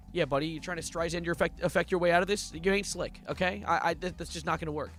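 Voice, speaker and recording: A man's voice: fairly high pitch, fast talker, fairly bright tone, soft background music. Sarcastic young man reacting on stream. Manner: sarcastic, mocking asides. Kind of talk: live-stream reaction while reading documents aloud.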